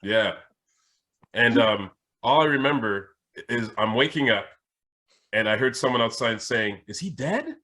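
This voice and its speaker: A man's voice: fairly low pitch, measured pace, pauses often. A man from Jamaica, a spiritual teacher hosting a podcast, tells a personal story in casual chat, restarting his sentences often. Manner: animated anecdote telling with frequent restarts.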